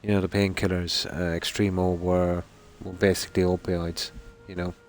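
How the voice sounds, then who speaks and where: There's a little hiss or hum under a low-pitched, flatly delivered male voice. The man is playing a game on a live stream from home at night, rambling casually with many pauses and "you know"s.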